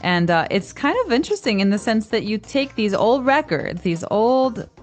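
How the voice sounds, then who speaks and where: A woman's voice: medium pitch, animated, normal speed, soft background music. An American woman co-hosting a language lesson, chatting casually and explaining ideas, sometimes sounding things out. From United States. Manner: explanatory, demonstrates sounds aloud. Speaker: co-host.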